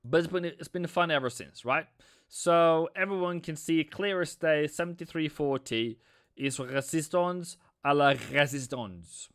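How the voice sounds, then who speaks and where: Male streamer, chatty live trading talk, smooth clear voice, dry close sound. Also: fairly high pitch, measured pace, fairly bright tone, no echo. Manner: chatty, repeats himself, answers viewers. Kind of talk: live-stream market analysis.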